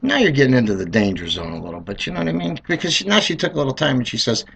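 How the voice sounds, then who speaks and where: A middle-aged man telling comedic stories in a rambling, animated way, acting out voices. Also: medium pitch, very fast, gravelly, slightly rough. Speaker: car dealer telling stories. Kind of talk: comedic monologue.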